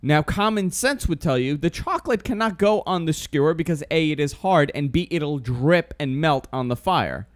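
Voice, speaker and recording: A man co-hosting a casual podcast, telling a story with lively mimicry. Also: on the high side, moderate pace, hardly any pauses, no echo, studio quality. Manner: animated, mimics others in raised voices. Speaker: podcast co-host.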